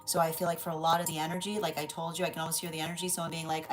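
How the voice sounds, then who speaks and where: A woman's voice: low-pitched, little pitch movement, racing, hardly any pauses, music in the background, poor audio. A woman giving a live tarot reading, rambling and tagging "right?" onto her points. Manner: rambling, repeats "right?" often. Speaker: tarot reader.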